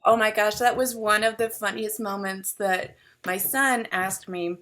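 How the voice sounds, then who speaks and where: A woman's voice: mid-range voice, fairly even intonation, a little slow, background noise. A woman in her thirties, a comedian guest on a podcast, chatting casually and laughing as she tells stories.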